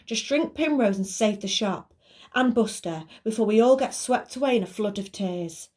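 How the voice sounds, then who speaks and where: A woman voicing a firm, practical boy who takes charge, speaking loudly and briskly. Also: mid-range voice, expressive, natural voice. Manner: firm and commanding.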